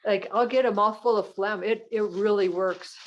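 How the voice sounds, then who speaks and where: A woman's voice: mid-range voice, fairly even intonation, normal speed, highs cut off. An older woman on a video call in a support group, chatting in a plain, homely way. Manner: plain-spoken, chatty storytelling.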